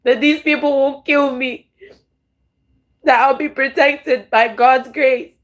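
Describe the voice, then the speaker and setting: A woman vents straight to camera in a raw, emotional monologue, her voice a little higher than most. She rambles, swears freely and trips over restarts as she talks. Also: fairly even intonation, takes it slowly. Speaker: tarot vlogger.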